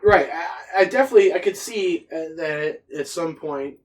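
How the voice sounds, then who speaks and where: A man's voice: fairly high pitch, normal speed. A man co-hosting a podcast in casual, crude, joking chat, often trailing off with fillers. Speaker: podcast co-host.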